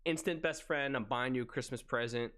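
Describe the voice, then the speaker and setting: A man co-hosting a casual podcast chat, acting out quoted phrases as he tells a story. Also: fairly quick. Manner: animated, acts out quoted phrases with big pitch swings. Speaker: podcast co-host.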